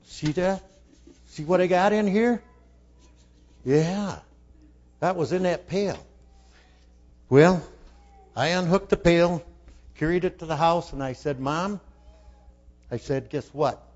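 An older man telling a folksy childhood story, asking his listeners questions and dropping to a hush for his inner thoughts. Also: a little high, takes it slowly, long pauses. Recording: dull lo-fi recording.

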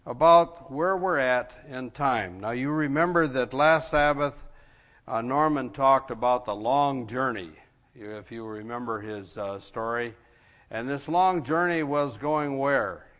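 A man leading prayer and preaching a sermon in church, speaking haltingly with many fillers. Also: mid-range voice, a bit bright, long reverb tail. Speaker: pastor. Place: church sanctuary. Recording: lo-fi church broadcast.

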